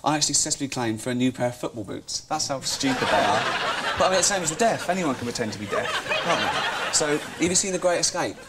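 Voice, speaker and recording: A man, a comic guest rambling through offhand deadpan jokes on a television comedy show. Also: medium pitch, fast talker, hardly any pauses. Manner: rambling, offhand, laughing at his own jokes. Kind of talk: improvised deadpan comedy chat. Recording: noisy studio recording.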